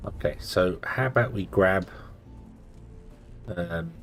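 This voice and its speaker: A man's voice: low-pitched, takes it slowly, creaky, soft background music. A sleepy man casually commenting on his own gameplay, thinking aloud with lots of fillers. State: sleepy, yawning. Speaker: gameplay streamer.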